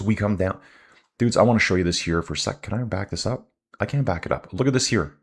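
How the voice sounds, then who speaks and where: Low-voiced male stream host, loose and opinionated, calls the viewers dudes. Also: breathy edge. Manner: chatty, ranting, addresses viewers as dudes. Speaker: live race commentator and channel host. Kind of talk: casual live-stream commentary.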